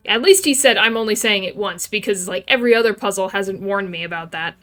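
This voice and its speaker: A woman streamer playing through a game, chatting casually and reading each line of dialogue aloud in light, playful character voices. Her voice sits at an ordinary middle pitch, with faint game music underneath. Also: fairly quick, fairly bright tone.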